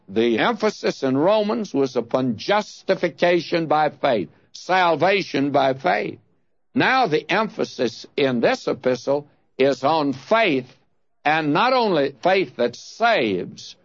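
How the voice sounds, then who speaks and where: Slow, deliberate male Bible teacher. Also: fairly high pitch, no echo. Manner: deliberate, stresses key words, reads scripture aloud with rising emphasis. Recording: dull lo-fi dry recording.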